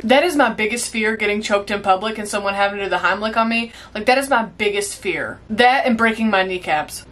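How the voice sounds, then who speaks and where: A woman's voice: mid-range voice, a little fast, hardly any pauses, fairly bright tone, slight background noise. A woman in her twenties giving a chatty, exclamatory reaction to a movie as she watches. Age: 20s. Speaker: reaction video host. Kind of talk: casual movie reaction commentary.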